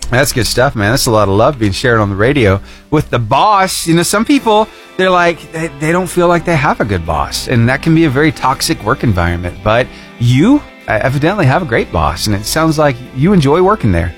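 A man's voice: mid-range voice, animated, fairly quick, few pauses, soft background music. A man hosting a morning radio show, goofy and upbeat, laughing often as he chats with a caller. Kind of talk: casual radio chat with a caller. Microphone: studio microphone.

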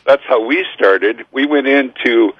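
A man's voice: medium pitch, measured pace, slightly rough, no room sound, dull audio. A man with a Minnesota accent, a guest author on a casual radio interview. He is easygoing and agreeable and often repeats his words.

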